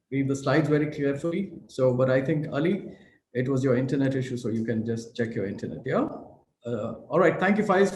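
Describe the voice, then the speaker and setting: A man's voice: mid-range voice, a little mellow. A man moderating a conference session, speaking casually as he thanks the presenter. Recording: echoey room, faint noise.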